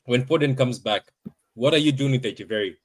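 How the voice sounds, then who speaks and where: A man's voice: mid-range voice, a little fast. A man hosting a live-streamed football panel over a video call, insistent and teasing, repeating names. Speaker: host.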